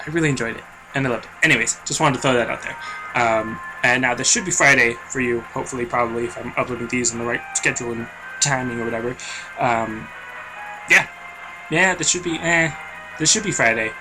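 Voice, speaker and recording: A man's voice: mid-range voice, a little fast. A young man casually commentating his own card game match, chatty and rambling, often breaking into giggles. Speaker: gameplay commentator. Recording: music playing behind.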